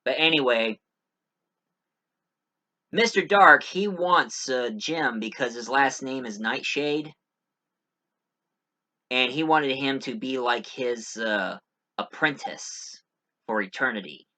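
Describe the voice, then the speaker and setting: A man's voice: mid-range voice, takes it slowly, long pauses, sharp tone. A man giving a casual spoken movie review, rambling with many fillers and restarts.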